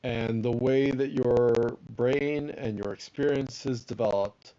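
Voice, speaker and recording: Man, slow rambling explanation, mellow dark tone, casual chat, lo-fi recording. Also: medium pitch, steady tone, clean tone. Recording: dull lo-fi sound.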